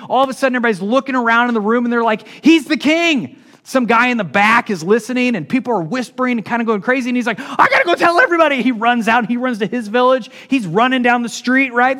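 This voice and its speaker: A male pastor delivers a sermon in a fairly high voice. He preaches animatedly, dropping to near-hushed tones and then rising to loud, excited shouts.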